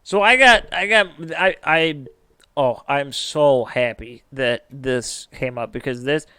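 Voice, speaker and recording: Male podcast host, mid-pitched and smooth, casual storytelling. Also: slow, bright, forceful tone, no echo.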